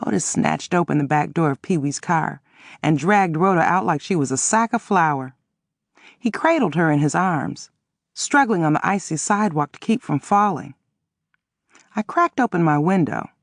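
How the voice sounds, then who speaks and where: A woman narrating a first-person audiobook in an expressive, dramatic reading. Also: low-pitched, moderate pace, no echo, clean studio sound.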